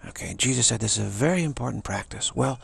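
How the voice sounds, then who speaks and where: A man's voice: mid-range voice, lively intonation, fast, vocal fry, fairly bright tone, slightly rough, no room sound. A man telling a personal story as a spiritual teacher, repeating key phrases and slipping into whispered asides. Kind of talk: casual storytelling talk.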